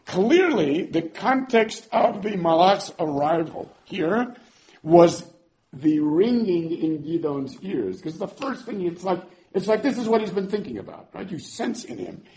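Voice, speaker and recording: An animated man teaching a scripture lesson. His voice is fairly high and swings widely in pitch. He restarts and repeats words as he goes and drops in Hebrew terms. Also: measured pace. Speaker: Torah teacher.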